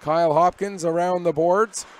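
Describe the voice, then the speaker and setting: A man with a high voice calls hockey play-by-play at a quick, energetic clip, and his calls rise on big plays. Faint arena noise sits behind him. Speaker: play-by-play commentator. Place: arena broadcast position above the ice.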